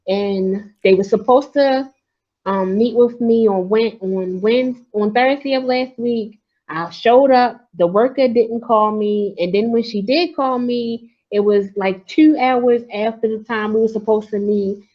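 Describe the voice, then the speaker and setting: A woman's voice: on the high side, measured pace. Grandmother caller from Maryland, frustrated and insistent, muffled lo-fi audio. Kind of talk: call-in talk.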